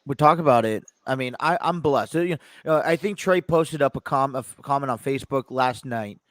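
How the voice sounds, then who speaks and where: Casting: male podcast host, middle pitch, loose rambling chat, dry close sound. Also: brisk, no room sound. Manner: rambling, many fillers and restarts. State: stuffy. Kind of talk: casual chat. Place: home studio in his living room.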